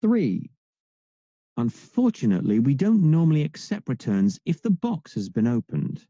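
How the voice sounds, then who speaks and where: An actor reading numbered example lines as a shop clerk in a listening exercise, with widely varying intonation. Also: male voice, mid-range voice, very animated, moderate pace, warm tone, no room sound, lo-fi sound. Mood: varied. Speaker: exercise narrator and speaker.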